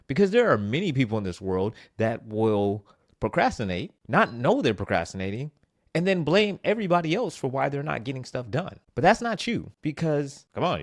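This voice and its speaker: A man presenting a scripted motivational vlog with self-help advice, animated and self-mocking, with playful asides. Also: medium pitch, no echo, studio quality.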